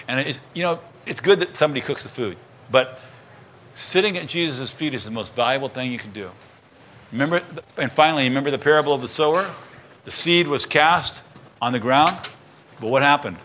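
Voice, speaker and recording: Bright-voiced male pastor preaching. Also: mid-range voice, normal speed, long pauses, a little hiss or hum. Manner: conversational preaching with restarts and acted quotes. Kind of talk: sermon.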